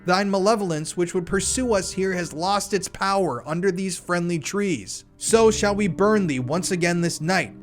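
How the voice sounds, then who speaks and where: Man playing a high priest, solemn, declamatory, pitched a bit high. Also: moderate pace, few pauses, faint music behind, lightly acted. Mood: defiant solemn.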